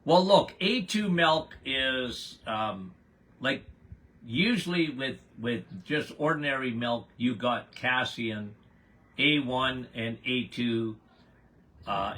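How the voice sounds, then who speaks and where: A man's voice: mid-range voice, takes it slowly, sharp tone. An older man hosting a health podcast, reading out listener questions and answering them in a blunt, emphatic, folksy way. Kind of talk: casual health Q&A.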